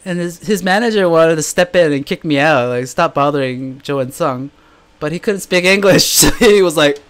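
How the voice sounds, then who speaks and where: A man's voice: high-pitched, brisk, a bit bright, smooth. A man answering viewer questions in a casual live chat, telling stories and laughing often. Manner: chatty storytelling, laughs often.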